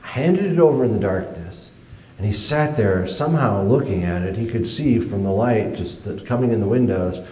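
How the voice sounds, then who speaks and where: A man telling a personal story to an audience, animated, jumping high in pitch when he acts his younger self. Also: moderate pace, reverberant, slight background noise.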